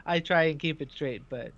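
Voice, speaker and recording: A man's voice: mid-range voice, fairly bright tone. A man co-hosting a casual radio chat, hesitant and prone to trailing off. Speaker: radio co-host. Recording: dull dry sound.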